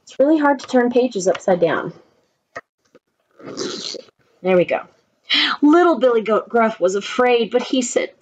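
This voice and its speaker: A woman reading a children's story aloud, slow and gentle, asking the children questions as she goes. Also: fairly high pitch, lively intonation, muffled recording. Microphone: own camera.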